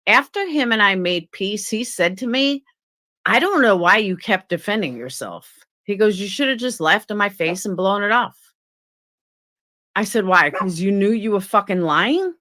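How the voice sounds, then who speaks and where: A woman's voice: medium pitch, lively intonation, normal speed, pushed and bright. A woman on a live stream telling a story and ranting bluntly, with swearing. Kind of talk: casual live-stream rant.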